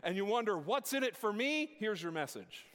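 High-voiced preacher in a reverberant church. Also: male voice, big pitch swings, normal speed. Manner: preaching with call-and-response, rising to shouts. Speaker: pastor. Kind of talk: sermon. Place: church sanctuary. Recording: long hall reverb in a church.

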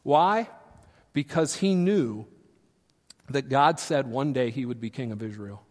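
A man preaching a sermon as pastor, shifting from quiet explanation to loud, animated retellings. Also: mid-range voice, unhurried, long reverb tail. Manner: swings from quiet teaching to loud, animated acted-out quotes.

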